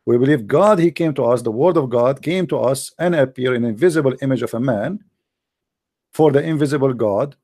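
A man hosting a live debate, explaining his points patiently in casual, animated talk and checking often that the listener follows; English is not his first language. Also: medium pitch, a little fast, no room sound, studio quality. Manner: animated, lively storyteller. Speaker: debate host.

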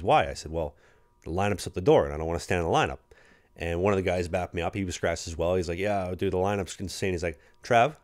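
A man's voice: deep voice, darkish tone. A young man with a Canadian accent, a pro hockey rookie co-hosting a podcast, rambling through anecdotes and acting out his teammates. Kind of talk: casual storytelling chat.

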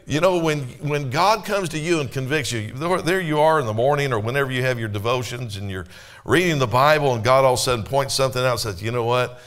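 A man's voice: medium pitch, fast, a bit bright. A man preaching a sermon in a church, talking to his congregation in a conversational way, with rhetorical questions and quoted scripture. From Canada. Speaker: pastor.

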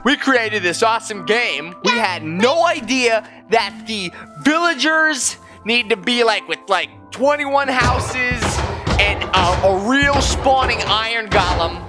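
A man hosting a gaming video, giving excited, goofy gameplay commentary and often shouting. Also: sits high, a little slow. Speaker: gaming channel host and dad. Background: game music.

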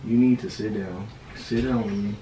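A man's voice: fairly low pitch, fairly even intonation, normal speed, roomy sound, noisy background. A young man at home, talking with urgent insistence and repeating himself. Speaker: boyfriend. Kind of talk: casual talk at home.

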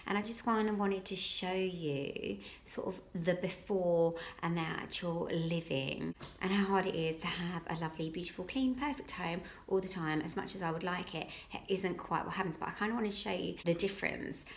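A woman, chatting casually and rambling with many ums while touring her own home for a vlog. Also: lowish voice. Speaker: lifestyle vlogger. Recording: echoey room at home.

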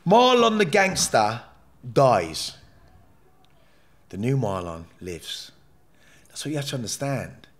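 A man, talking candidly in a podcast interview. He swears constantly, jumps between loud outbursts and low mutters, and restarts his sentences as the stories pour out. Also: slow, pauses often. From England. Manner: animated, profane, rambling with frequent restarts. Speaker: podcast guest.

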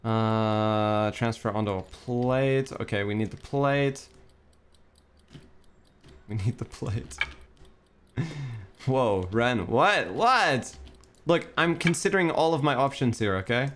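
A young man narrates his own cooking-game run, frantic and self-talking, swearing as he hunts for things. His voice sits at an ordinary middle pitch. A faint hiss and keyboard clicks run under his voice. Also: slow, long pauses. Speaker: streamer. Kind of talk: gameplay commentary.

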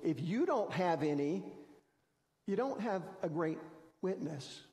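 A man's voice: high-pitched, lively intonation, takes it slowly, darkish tone, in a large hall. A man preaching a sermon as pastor, telling stories in a conversational, self-deprecating way. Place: church sanctuary.

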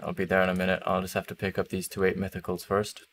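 This young man's deep voice is completely flat yet fast and a bit bright. He chats casually while streaming a hunting game, laughing readily and letting thoughts trail off unfinished.

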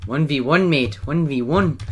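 A man giving casual gameplay commentary, swearing, laughing and trash-talking his opponents. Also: fairly high pitch. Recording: noisy with game gunfire behind. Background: gunfire and keyboard clicks.

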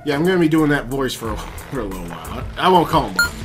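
A man casually commentating a video game he is playing, excitable and profane, often yelling at the game. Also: medium pitch, racing. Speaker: gaming video host. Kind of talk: casual let's-play commentary. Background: game music.

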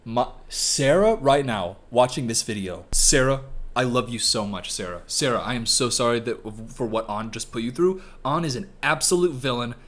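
A man's voice: mid-range voice, animated, moderate pace, a bit bright. A man hosting a comedic reaction video, rambling with jokey asides over faint background music.

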